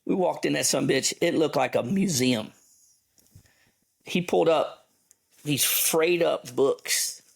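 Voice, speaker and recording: A middle-aged man, an army veteran telling a story as a podcast guest in an animated, profane way. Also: a little high, takes it slowly, creaky, pauses often, husky. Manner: animated, profane yarn-spinner. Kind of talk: casual storytelling.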